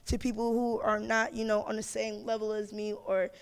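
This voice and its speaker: A hoarse man with a high, gravelly voice talks in a laid-back, profane, upbeat way as a podcast guest. His voice cracks now and then. The sound carries a long room reverb. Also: completely flat delivery, moderate pace. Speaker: guest musician. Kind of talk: casual podcast chat.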